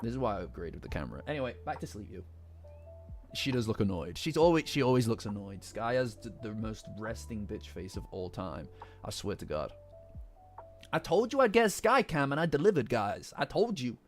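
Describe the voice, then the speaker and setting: A man's voice: mid-range voice, sing-song, brisk. A man from England with a Midlands accent, recovering from the flu, chatting casually on a live stream and rambling with many restarts and casual swearing. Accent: English Midlands. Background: faint lofi music.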